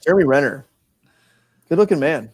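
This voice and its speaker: A man's voice: fairly high pitch, lively intonation, brisk. A man co-hosting a sports podcast in casual, self-mocking banter. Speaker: podcast co-host.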